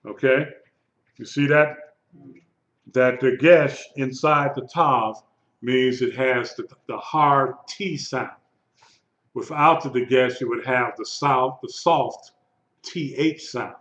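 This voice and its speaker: Slow, patient male Hebrew teacher. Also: medium pitch, fairly bright tone. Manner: slow, patient, repeats words for students. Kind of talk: live classroom lesson. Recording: lo-fi echoey room recording.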